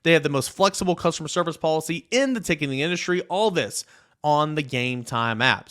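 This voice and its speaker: A man hosting a college football podcast, talking casually and with strong opinions, jumping between loud jabs and quiet muttered asides. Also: on the high side, lively intonation, brisk. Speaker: podcast host. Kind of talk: casual sports podcast talk with a read ad.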